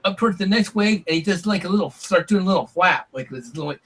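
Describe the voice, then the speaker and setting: A middle-aged man with a husky, slightly high voice chats as a podcast guest. He tells long stories in an animated way and acts out the voices of the people in them. His talk is loose and casual, with swearing here and there. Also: fast, recorded from a distance. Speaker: podcast guest, former reality show contestant. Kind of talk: casual storytelling interview.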